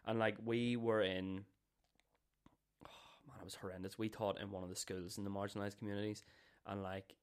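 Podcast host: man, lowish voice, animated storyteller who swears freely. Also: a little fast, clean tone. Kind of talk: casual storytelling chat.

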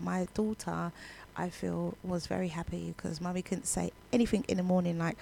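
A woman's voice: fairly low pitch, animated, normal speed, gravelly, darkish tone, a little hiss or hum. A woman radio DJ with a young child, telling a story in a chatty way between songs, her throat still recovering. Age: adult parent. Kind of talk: casual radio chat.

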